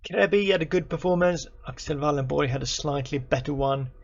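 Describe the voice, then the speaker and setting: A man commentating his own football management game, excitable and chatty, cheering on his players and talking to them. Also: a little high, a little fast, vocal fry, muffled recording. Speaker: gaming YouTuber.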